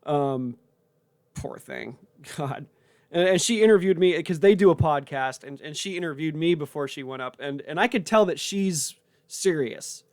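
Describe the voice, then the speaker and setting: A man's voice: fairly high pitch, normal speed, darkish tone, no echo. A man, a comedian and podcast host, recapping a show in a rambling, profane monologue full of restarts.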